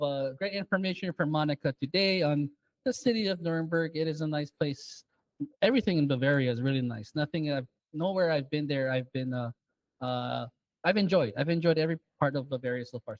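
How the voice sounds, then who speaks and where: A man hosting a radio show, talking in a relaxed, chatty way. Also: a little high, no room sound, lo-fi sound. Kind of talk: casual chat.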